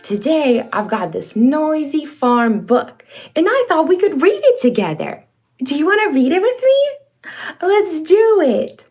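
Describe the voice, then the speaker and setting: A woman's voice: high-pitched, big pitch swings, a little slow, darkish tone, soft background music. A woman hosting a toddler learning video, reading aloud in an exaggerated sing-song voice, with gasps, cheers and animal sounds. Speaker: children's educational show host.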